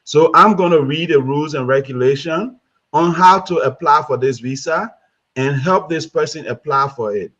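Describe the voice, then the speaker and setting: Brief: man, panel co-host, bright lively tone, slightly higher pitch, lo-fi sound. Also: moderate pace. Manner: upbeat, persuasive, talks through examples. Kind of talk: casual panel discussion. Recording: dull, lo-fi sound.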